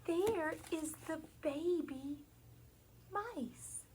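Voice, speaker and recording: A woman teacher reads a picture book aloud to young children in a slow, storytelling cadence. Her voice sits high and swoops up and down as she asks the class questions and breaks into animal noises. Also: lively intonation, a little mellow, slight background noise.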